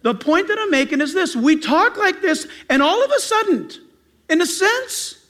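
A middle-aged pastor preaching a sermon, telling stories in an animated way and acting out loud greetings. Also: male voice, very high-pitched, normal speed.

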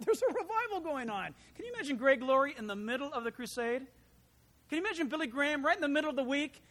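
A pastor preaching a verse-by-verse Bible study sermon, with animated storytelling and humorous asides. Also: sits high, quick pace, in a large hall. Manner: acts out quoted voices.

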